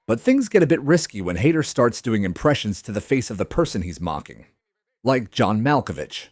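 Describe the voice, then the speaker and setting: A man's voice: mid-range voice, very animated, normal speed, no room sound, studio quality. A man giving scripted, upbeat voice-over links in a video compilation. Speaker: compilation narrator. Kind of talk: scripted narration.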